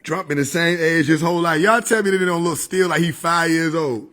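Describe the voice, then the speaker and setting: A man's voice: fairly high pitch, fairly quick, a bit bright, a little hiss or hum. A man chatting casually on a livestream, laid-back and slangy, laughing often. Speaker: livestream host.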